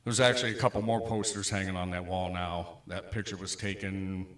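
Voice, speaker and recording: A man chatting casually on a home livestream from a basement room, relaxed and self-deprecating. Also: low-pitched, a little fast, roomy sound. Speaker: home livestreamer and guitar singer. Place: basement room with green screen. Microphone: webcam stream mic from across room.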